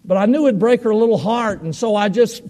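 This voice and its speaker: A man's voice: sits high, a little fast, dark tone. A man preaching a sermon, telling a personal story in a folksy, heartfelt way with repeated words. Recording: long hall reverb.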